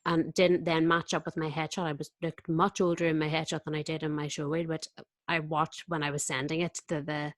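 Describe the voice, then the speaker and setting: A woman with a notably low-pitched voice talks casually as a podcast guest, telling a story with animation and voicing her own thoughts along the way. The sound is dry and close, with no room echo. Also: fairly quick. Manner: lively storyteller, acts out her own inner voice. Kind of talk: casual chat.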